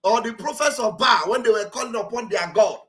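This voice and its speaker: A woman's voice: fairly high pitch, fairly quick, fairly bright tone. A woman giving mocking, exclamatory livestream commentary, repeating phrases for emphasis. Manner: acts out quoted speech with theatrical delivery.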